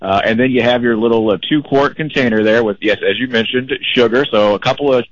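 A man's voice: mid-range voice, fast, no room sound, highs cut off. A man calling in as a regular correspondent on a radio show, upbeat and rambling as he tells a story. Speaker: traveling correspondent. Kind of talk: call-in radio segment.

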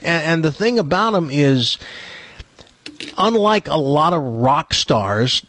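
A man's voice: fairly high pitch, lively intonation, takes it slowly, fairly bright tone, no room sound. A man co-hosting a radio show, chatting casually and animatedly, laughing easily. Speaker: radio co-host.

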